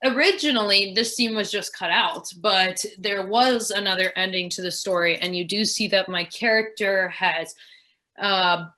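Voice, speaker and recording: A woman's voice: medium pitch, normal speed, pushed and bright. A woman, an actress, answering interview questions in a casual, rambling way, full of fillers as she thinks aloud. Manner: rambling, filler-heavy, reflective.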